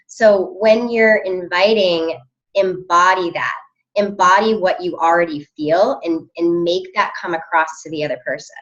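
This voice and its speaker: A woman's voice: fairly low pitch, unhurried, fairly bright tone, highs cut off. A woman coaching her team on a call, upbeat and chatty with many fillers.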